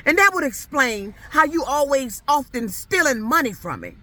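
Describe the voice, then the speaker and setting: An irate woman rants straight to camera, her high voice swinging wildly up and down as she hammers the same questions again and again. Her tone is bright and cutting, and she swears freely. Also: very animated, normal speed. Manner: irate, profane, repeats herself. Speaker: vlogger. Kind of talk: angry rant to camera.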